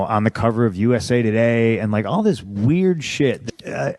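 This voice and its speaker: A blunt, foul-mouthed man in his thirties from the States airs his grievances in loose, rambling storytelling. His voice sits on the low side and sounds close and dry, with no room around it. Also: a little mellow, dry recording. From United States. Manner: blunt and profane, frustrated griping. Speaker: interview guest, pro wrestler. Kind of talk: casual storytelling interview.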